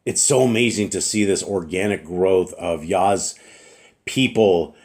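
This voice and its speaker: Middle-aged man, low-ish voice, earnest informal preacher, throat-clearing, slight cough. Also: measured pace, a little mellow. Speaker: religious teacher.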